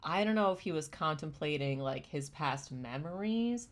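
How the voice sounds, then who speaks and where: Deep-voiced yet lively in intonation, this young woman streamer talks at a moderate pace as she reacts to chimp videos. She is sometimes thoughtful, explaining things simply, and sometimes gushing and close to crying.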